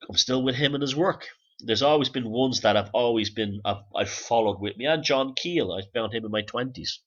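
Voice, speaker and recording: A man rambling through a profane, low-key monologue as a podcast host. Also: fairly bright tone, highs cut off.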